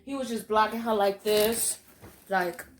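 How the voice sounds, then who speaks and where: A woman's voice: medium pitch, steady tone, measured pace, slight background noise. A young adult woman telling a storytime vlog in a blunt, fiery, profane way, rambling with lots of fillers. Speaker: storytime vlogger. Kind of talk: casual storytime monologue.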